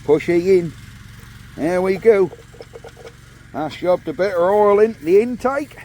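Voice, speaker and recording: A man's voice: high-pitched, expressive, a little slow, warm tone, a little hiss or hum. A man chatting cheerfully to viewers, recorded on a phone propped up in an outdoor yard. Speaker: vlogger. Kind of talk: casual chat to camera.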